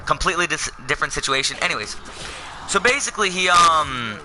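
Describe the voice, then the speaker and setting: A man's voice: on the high side, lively intonation, a little fast, pushed and bright, a little hiss or hum, rough recording. A young man telling a personal story in a casual, rambling way, full of fillers and self-corrections. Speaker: vlogger.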